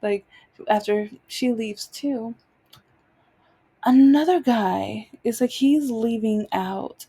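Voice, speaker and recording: Mellow-voiced woman telling a story. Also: on the high side. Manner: rambling, with many fillers and restarts; acts out others' lines with rising exasperation. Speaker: podcast host. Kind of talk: casual storytelling.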